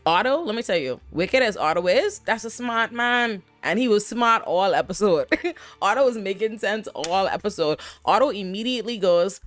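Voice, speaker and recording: A woman hosting a casual TV episode breakdown, animated and profane, laughing often and talking back at the characters. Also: medium pitch, normal speed, soft background music. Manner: sassy, talks back at characters. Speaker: TV recap host.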